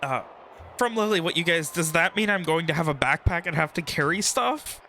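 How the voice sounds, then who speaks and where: A man's voice: a little high, animated, fairly quick, sharp tone. A man running a tabletop game, speaking hesitantly with many fillers.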